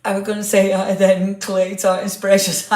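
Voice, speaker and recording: Speaking at medium pitch and a moderate pace, this woman delivers everything completely flat while hosting a relaxed live craft stream. Even so, she's chatty, calls viewers by name, reads their comments out, and laughs a lot. A clip-on microphone captures her in a roomy, echoing space.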